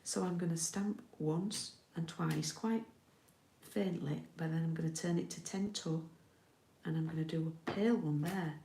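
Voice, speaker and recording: A middle-aged British woman gives a casual card-making tutorial, chatting and frequently checking in with her viewers. Her voice sits low and sounds dark and creaky, and she takes her time. The room is echoey, with slight background noise.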